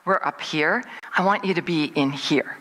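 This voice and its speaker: Bright-voiced middle-aged woman telling stories. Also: moderate pace, poor audio. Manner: lively, acts out what people said with big jumps in pitch. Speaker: guest speaker at a service. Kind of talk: personal storytelling.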